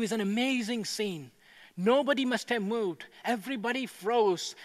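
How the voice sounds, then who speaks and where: High-voiced preacher in an echoing hall. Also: male voice, fairly bright tone. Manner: builds to impassioned proclaiming. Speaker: pastor. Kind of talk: sermon. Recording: echoey hall with long reverb.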